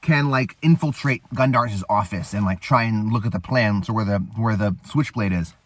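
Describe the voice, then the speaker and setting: A man's voice: lowish voice, normal speed, noisy background. A man hosting a casual show, recapping a movie in a rambling way with fillers and swearing. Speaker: host.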